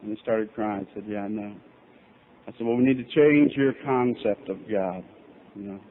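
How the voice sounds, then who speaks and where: A recovery speaker in a convention hall, this middle-aged man shares his story with candor and self-mockery at a moderate pace. His voice is fairly low, and the recording is tinny lo-fi tape with faint hiss.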